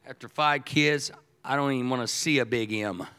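An older man preaching a sermon as pastor, swinging from quiet asides to loud excited bursts and often repeating words as he starts a thought. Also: mid-range voice, moderate pace, clear, resonant tone. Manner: animated, shifts from quiet to shouting.

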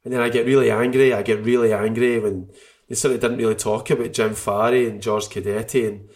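A man's voice: medium pitch, steady tone, brisk, darkish tone. Emotional rambling man. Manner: emotional, rambling, trailing off and restarting. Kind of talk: casual chat about football.

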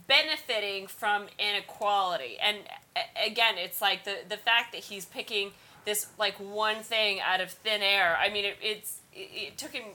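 A woman's voice: medium pitch, moderate pace, pushed and bright. A woman co-hosting a casual podcast, talking in rambling, earnest stretches and often restarting her sentences. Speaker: podcast co-host.

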